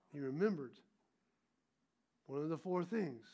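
Male pastor, high voice, storytelling sermon with call-and-response. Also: normal speed, pauses often, dark tone. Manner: storytelling, calls for congregation responses.

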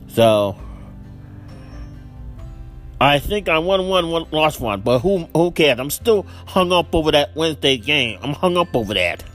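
Exasperated podcast host, high and animated voice, ranting and repeating himself. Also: male voice. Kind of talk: solo football picks rant.

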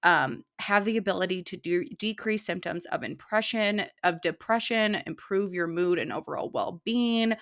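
Woman podcast host, lower voice, dry close-miked sound, casual and upbeat. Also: moderate pace, hardly any pauses, a bit bright, no room sound. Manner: chatty and upbeat, with fillers like "like" and "you know". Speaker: podcast host and online fitness coach. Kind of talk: solo podcast talk.

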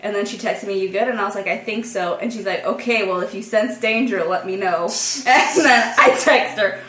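Animated young New woman, roomy sound. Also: mid-range voice, moderate pace. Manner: animated, laughs often, acts out her own thoughts. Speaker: podcast co-host. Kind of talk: casual storytelling among friends. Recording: roomy echo.

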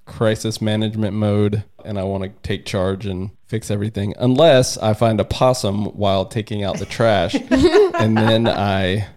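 A man's voice: fairly low pitch, normal speed, few pauses, soft background music. A man joking in a casual family podcast chat. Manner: animated, joking.

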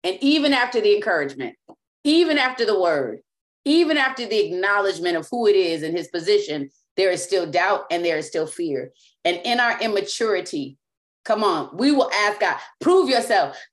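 A woman's voice: medium pitch, expressive, brisk. A woman preaching a sermon as apostle and teacher, speaking emphatically and often repeating and restarting words.

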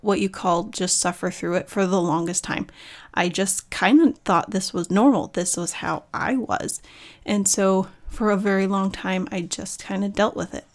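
A woman in her thirties, an author and mother, speaking candidly and reflectively in a personal monologue, often restarting her sentences. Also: mid-range voice. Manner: earnest, reflective, with frequent restarts. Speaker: author sharing personal story.

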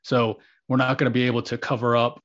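A man's voice: mid-range voice, little pitch movement, quick pace, fairly bright tone. Earnest reflective man, lo-fi audio. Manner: earnest, reflective, many restarts. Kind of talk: reflective conversation. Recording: slightly dull lo-fi audio.

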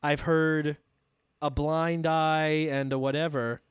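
A man's voice: fairly high pitch, flat delivery, slow pace, smooth, no room sound, studio quality. A young man co-hosting a comedy podcast, joking around in casual banter and laughing often. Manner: joking, laughs often, does mock voices. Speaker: podcast co-host.

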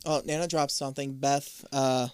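A man co-hosting a podcast, retelling a show's plot in a relaxed, matter-of-fact way with casual swearing. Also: medium pitch, moderate pace, clear, resonant tone, no room sound, clean studio sound. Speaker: podcast co-host. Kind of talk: casual chat recapping a show.

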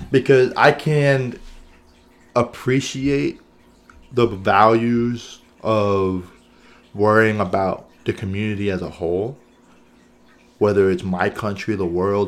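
A man with a fairly low but slightly bright voice co-hosts a podcast, chatting casually. He thinks aloud in an earnest way, often checking in with "right?" and "you know what I'm saying?"

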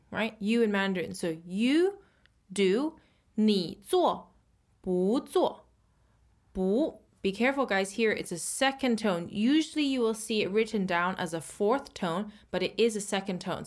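Brief: woman teacher-host, mid pitch, casual lesson chat, slow careful modeling of example words. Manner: slows down and stretches Mandarin words for learners.

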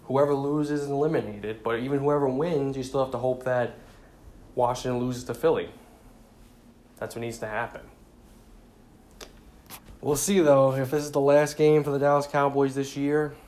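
A man's voice: mid-range voice, fairly even intonation, normal speed, pauses often, a little mellow. Casual man talking football. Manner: conversational, repeats points, frequent "you know". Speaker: sports commentator.

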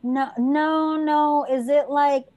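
High-voiced, chatty woman with many "like"s. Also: steady tone, slow, lo-fi sound, crowd noise. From Filipino family, raised in the United States. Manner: laughing storyteller, many filler "like"s. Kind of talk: casual chat.

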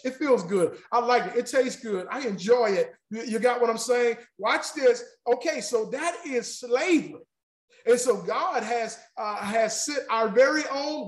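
A man's voice: very high voice, roomy sound. A man preaching a sermon in an emphatic, repetitive way, calling out to the congregation.

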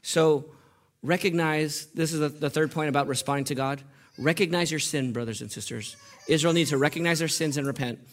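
Impassioned preacher, fairly high voice. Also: male voice, fairly quick. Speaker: pastor. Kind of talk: sermon. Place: church.

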